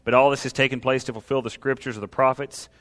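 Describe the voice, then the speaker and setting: A man preaching a sermon as a pastor, reading scripture and building to impassioned, loud emphasis. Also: mid-range voice, little pitch movement, fast. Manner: preaching, rises to impassioned shouting at climaxes. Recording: long hall reverb.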